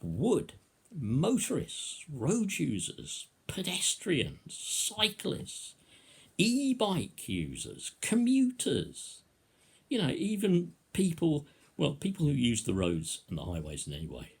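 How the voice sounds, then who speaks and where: A man's voice: a little high, wildly swooping pitch, takes it slowly, gravelly, breathy edge. A man giving a sarcastic, mock-rhetorical opinion monologue, stretching out words for emphasis.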